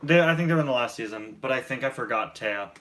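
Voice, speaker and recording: A young man hosting a casual chat, enthusiastic and quick to laugh. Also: mid-range voice, lively intonation, a bit bright. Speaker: host.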